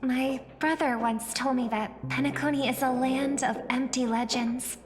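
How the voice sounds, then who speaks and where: An actress voicing a composed young woman in a game, speaking in a measured, thoughtful way. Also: high voice, fairly even intonation, lightly acted. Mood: reflective. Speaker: game character. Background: game music.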